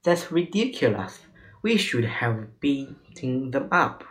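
A brash, proud monkey spirit from a children's storybook, as a man reads him, boastful and quick to anger. He speaks in a slow, unhurried way, his voice sitting at an ordinary middle pitch. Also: big pitch swings, fairly bright tone. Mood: angry.

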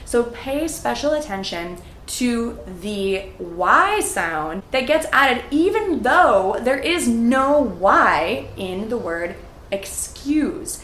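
Upbeat female English teacher, slow and clear, slightly high voice, echoey room with faint hiss. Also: expressive, fairly bright tone. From North America. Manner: upbeat, slow and deliberate, models phrases for repetition. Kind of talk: enthusiastic language lesson.

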